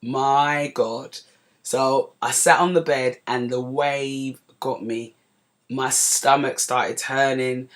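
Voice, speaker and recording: A woman in her forties from North London with a London accent, hosting a podcast and telling a story in a lively, chatty way with asides to her listeners. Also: rumbling low, takes it slowly. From North London, England. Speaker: podcast host. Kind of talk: casual storytelling monologue.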